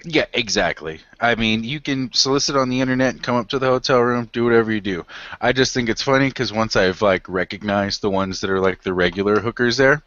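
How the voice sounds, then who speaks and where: A man's voice: mid-range voice, brisk, fairly bright tone, no echo. A man who works in a hotel, chatting casually on a livestream, telling stories with lots of fillers and laughs. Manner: storytelling, laughing, many fillers. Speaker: hotel worker. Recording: dry, dull lo-fi call audio.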